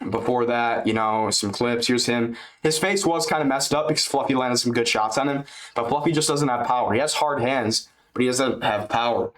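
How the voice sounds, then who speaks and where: A man's voice: medium pitch, a bit bright. A man giving a loose, chatty fight recap on his channel, swearing and dropping man and dude, speaking into a webcam. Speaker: MMA YouTuber.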